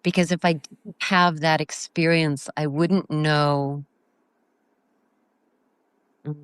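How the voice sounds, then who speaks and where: A woman from the United States, talking as an interview guest in a halting, earnest way, often pausing to search for words. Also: sits low, fairly even intonation, smooth, no room sound, clean studio sound. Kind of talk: casual reflective interview talk.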